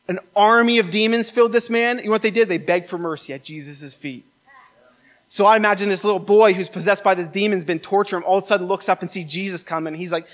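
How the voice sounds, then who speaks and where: A man's voice: sits high, fairly bright tone. A male pastor delivering a sermon at a church service, telling Bible stories and building to fervent, emphatic exhortation.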